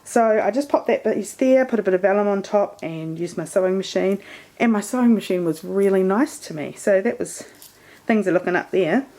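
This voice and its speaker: A woman's voice: mid-range voice, moderate pace, mellow. A woman chatting through her scrapbook page in a casual, meandering way. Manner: chatty and meandering, many fillers. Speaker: scrapbooking vlogger. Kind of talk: casual crafting show-and-tell.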